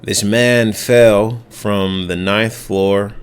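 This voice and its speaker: A young man hosting a podcast, telling a story in a reflective, halting way with many restarts. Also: lowish voice, steady tone. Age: young adult. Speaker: podcast host. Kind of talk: casual storytelling monologue.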